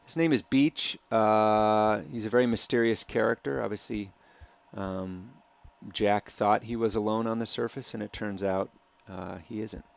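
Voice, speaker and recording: A man with a very low voice and a gravelly edge, walking through his film's footage. He talks softly and hesitantly, with plenty of pauses and filler sounds. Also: fairly even intonation. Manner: soft-spoken, hesitant with many ums and uhs. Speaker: film director. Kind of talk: commentary over a film trailer.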